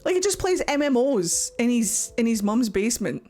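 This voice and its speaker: A young woman giving casual reaction commentary, mocking and excitable, who swings between shrieks and low grumbles and swears a lot. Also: normal speed, soft background music. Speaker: streamer reacting to a game.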